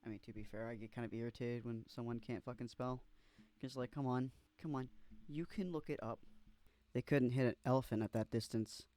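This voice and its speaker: Young male vlogger, mid-pitched, dry close sound, casual reactions, swears and stumbles. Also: fairly even intonation, fairly quick, warm tone, no room sound. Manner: casual slangy, swears, stumbles while reading aloud.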